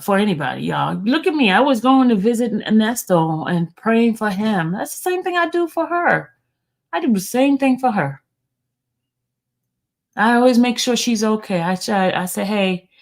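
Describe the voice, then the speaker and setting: A middle-aged woman talks casually to her viewers in a heartfelt, emotional way. Her voice has a gravelly, fry-edged texture, and she calls the audience "y'all.". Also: on the high side. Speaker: livestream host.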